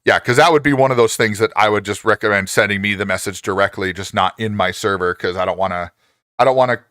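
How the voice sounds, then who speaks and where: Chatting with his live stream audience and reading their messages, a man in his forties laughs often, his pitch jumping whenever he gets excited. His delivery is fast and smooth, on a dry, studio-quality recording.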